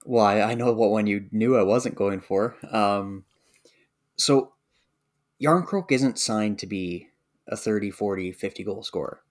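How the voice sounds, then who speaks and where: A man's voice: on the low side, a little slow. A man co-hosting a hockey podcast, making an earnest argument in casual chat. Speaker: podcast co-host.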